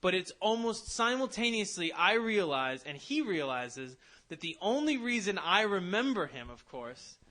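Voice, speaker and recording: A man's voice: high voice, very animated, moderate pace, bright, forceful tone. A man, a podcast co-host, telling a rambling, self-deprecating anecdote in casual comedic chat.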